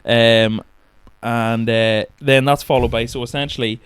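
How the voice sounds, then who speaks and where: A man's voice: mid-range voice, steady tone, a little slow, clean tone, dry recording. A man swearing freely and laughing as he chats about films on a podcast. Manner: sweary, rambling, laughs often. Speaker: podcast co-host. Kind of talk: casual film chat.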